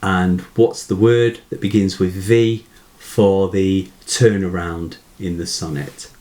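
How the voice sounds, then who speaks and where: A man teaching poetry in a measured way, asking rhetorical questions and reading verse slowly aloud. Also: deep voice, fairly even intonation, dark tone. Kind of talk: explanatory lesson.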